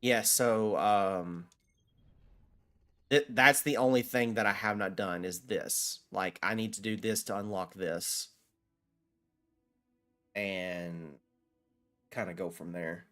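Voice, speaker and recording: Low-voiced man streaming a game. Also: slow pace, pauses often, a bit bright. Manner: chatty and rambling, answering viewers with repeated restarts and fillers. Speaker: gaming streamer. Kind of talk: casual live-stream chat while gaming.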